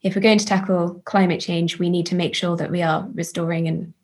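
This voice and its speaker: A woman, a charity chief executive, speaking earnestly in an interview, often restarting her phrases and warming to her subject. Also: on the low side, little pitch movement. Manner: earnest, halting restarts, enthusiastic. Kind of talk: reflective interview talk.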